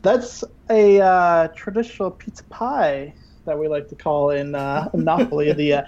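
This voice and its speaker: A man guesting on a podcast, playing along with a pretend cooking show in a joking, halting way full of fillers. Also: on the high side, darkish tone, lo-fi sound. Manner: playful, hesitant with many fillers. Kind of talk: mock cooking-show demonstration.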